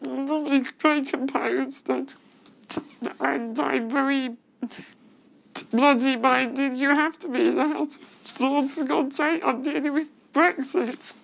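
Tearful woman, high creaky voice. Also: fairly even intonation, rough recording. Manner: halting, emotional, restarts often. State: tearful, voice breaking. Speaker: witness giving evidence. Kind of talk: testimony at a public inquiry. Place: hearing room.

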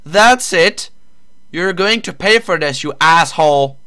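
A man's voice: on the high side, animated, unhurried, pushed and bright, smooth. A synthetic man's voice playing a stern man who threatens and lectures a troublemaker. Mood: threatening. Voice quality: synthetic text-to-speech voice.

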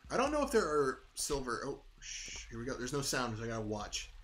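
A young man chatting loosely while he plays a game, drifting from thought to thought in a relaxed, sleepy way. His voice sits at an ordinary middle pitch. Soft game music plays faintly behind him. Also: brisk. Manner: rambling, relaxed, yawning, talks to himself while playing. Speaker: gaming video creator. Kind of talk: casual gameplay commentary. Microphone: desk microphone at home.

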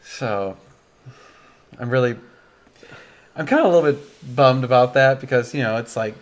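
A man's voice: mid-range voice, moderate pace. A young man hosting a casual livestream chat, tired and yawning, rambling and laughing often. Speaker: livestream host.

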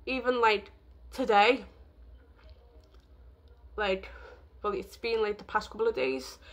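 A woman's voice: a little high, fairly bright tone. A woman vlogging in a rambling, emotional way, with lots of fillers. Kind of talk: casual vlog talk.

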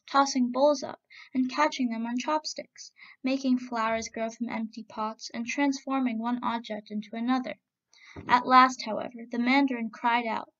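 Gravelly woman reading a storybook tale. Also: fairly high pitch, fairly bright tone. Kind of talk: storybook narration. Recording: dull lo-fi recording.

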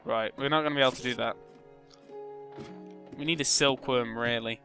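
A young man giving casual gameplay commentary, muttering to himself and breaking into loud, excitable shouts. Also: mid-range voice, moderate pace, soft background music. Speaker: gaming channel host.

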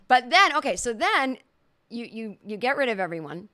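A woman's voice: fairly high pitch, big pitch swings, brisk, sharp tone. A middle-aged woman hosting a podcast, telling a funny story in a casual monologue and acting out the quoted reactions. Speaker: podcast host.

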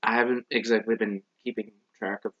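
A man co-hosting a snack review show, chatting casually in a laid-back, dry way with quick agreeing replies. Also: on the low side, flat delivery. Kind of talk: casual chat. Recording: lo-fi dull recording.

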